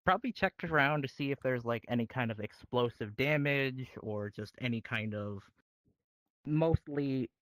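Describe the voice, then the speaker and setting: A man's voice: medium pitch, moderate pace, fairly bright tone, no echo, poor audio. A man auditioning for a roleplay, answering questions casually with many fillers and restarts.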